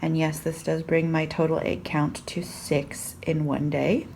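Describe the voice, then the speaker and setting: Casual woman vlogger, slightly low voice, chatty and self-deprecating, filler-heavy delivery. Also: flat delivery, measured pace, gravelly, darkish tone, a little hiss or hum. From California. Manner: chatty, self-deprecating, many ums and likes. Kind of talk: casual food diary vlog.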